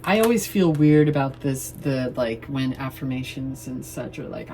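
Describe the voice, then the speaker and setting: Woman, tarot reader, low mellow voice, casual and playful, swears freely. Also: expressive, a little slow, a little hiss or hum. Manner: chatty and loose, swears playfully, laughs often. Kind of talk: casual tarot reading to camera.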